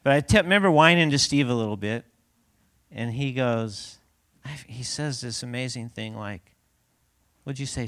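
A man's voice: mid-range voice, a bit bright. A man giving a conversational sermon as a pastor in a church, laughing often and asking the congregation rhetorical questions.

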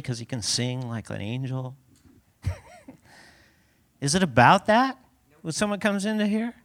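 A man with a somewhat high voice leads a church service as pastor. He preaches in a loose, conversational way, full of rhetorical questions and easy laughter. He sounds like he is talking with his congregation rather than lecturing them. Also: a bit bright. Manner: chatty, laughs often, asks rhetorical questions. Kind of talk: conversational sermon.

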